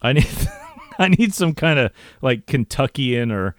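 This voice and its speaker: A man's voice: mid-range voice, sing-song, unhurried. A man hosting a casual podcast, wry and laughing often as he reads fan messages aloud. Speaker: podcast host.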